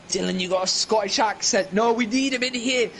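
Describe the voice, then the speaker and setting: A man's voice: high-pitched, normal speed, a bit bright, a little hiss or hum, rough recording. A young man casually chatting on a live stream while playing a racing game, rambling and answering viewers in chat. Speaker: racing league streamer and commentator.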